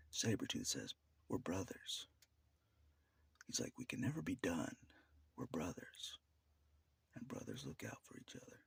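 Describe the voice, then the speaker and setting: Gravelly, husky whispering man. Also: rumbling low, fairly bright tone, no room sound. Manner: rambling, laughs often between phrases. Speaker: vlogger. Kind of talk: casual monologue to camera.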